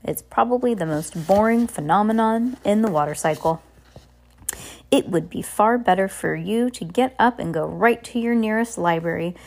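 Young mom reading a storybook aloud, informal, trips over words and adds asides. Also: female voice, medium pitch, darkish tone. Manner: informal, with restarts and chatty asides. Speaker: parent reading aloud to her child. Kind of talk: casual storybook read-aloud.

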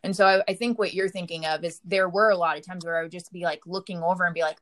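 A woman's voice: on the low side, fairly even intonation, fast, hardly any pauses. A woman telling a painful personal story in casual conversation, full of fillers and quoted dialogue. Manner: emotional, frequent "like" fillers, quotes herself. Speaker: partner of a recovering addict, guest.

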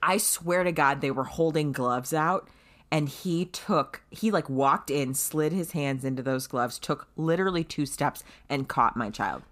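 A woman telling a story in casual chat, animated and swearing freely, loudly acting out what people said. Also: deep voice, measured pace. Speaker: guest telling her birth story.

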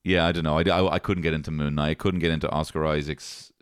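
A man with a very low, deep voice talks films in a loose, animated way, swearing freely and slipping into quoted lines. The recording is dry and close, with no room sound. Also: fast talker, clear, resonant tone, no room sound. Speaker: podcast co-host reviewing films. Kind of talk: casual chat.

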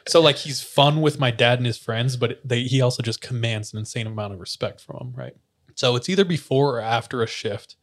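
A young man chatting casually on a podcast, telling an animated story, acting out quotes and laughing often. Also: medium pitch, brisk.

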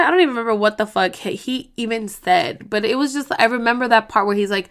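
A woman's voice: a little high, fast, fairly bright tone. Young norcal woman vlogging, slangy and cussing a lot, acts out what everyone said. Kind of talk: casual storytelling to camera.

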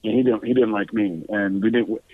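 A man who is a guest musician, telling stories casually, animated and halting, with restarts and swearing. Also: dry recording. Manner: animated, acts out quotes with raised pitch. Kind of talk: casual storytelling. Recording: tinny phone-like line.

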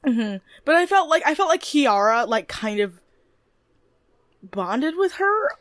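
A woman co-hosting a relaxed recap podcast. Her pitch swings freely as she chats, swears and acts out quotes. The sound is close and dry. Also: unhurried, no echo. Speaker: podcast co-host. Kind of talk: casual recap chat.

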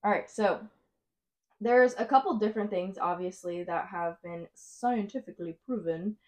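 A woman's voice: mid-range voice, moderate pace. Chatty young woman. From Texas. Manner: chatty storyteller, laughs often. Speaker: podcast co-host. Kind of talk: casual chat.

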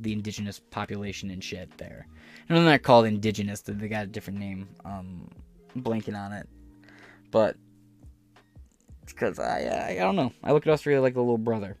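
An American man with a fairly low voice talks loosely into his podcast mic, swearing freely and slipping into sarcasm. He drifts from one tangent to the next in a casual ranting style, while faint music sits behind him. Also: vocal fry. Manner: profane, sarcastic, digressive. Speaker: podcast host. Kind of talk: casual rambling rant. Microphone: audio-only podcast mic.

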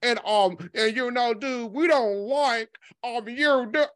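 A man doing a mocking impression of a smug male vlogger who speaks slowly and hesitantly, full of ums. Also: very high voice, fairly bright tone, clear, resonant tone, dry recording, clean studio sound, heavily acted. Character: smug, halting male vlogger claiming authority.

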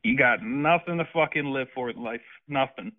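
A man's voice: medium pitch, moderate pace. A man arguing on the phone, furious and profane, hurling threats back at a prank caller. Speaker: prank call target. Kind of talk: angry phone argument. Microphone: telephone. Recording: tinny phone line.

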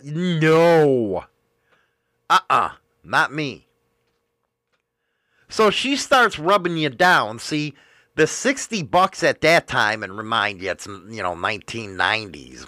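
High, lively, bright-voiced man. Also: no echo, clean studio sound. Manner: crude, profane, rambling. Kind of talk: casual storytelling.

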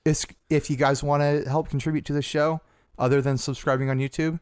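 A man's voice: on the high side, fairly quick, smooth, no room sound. Easygoing male podcast co-host, dry sound. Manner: relaxed, laughs easily, rambling asides. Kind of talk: casual chat.

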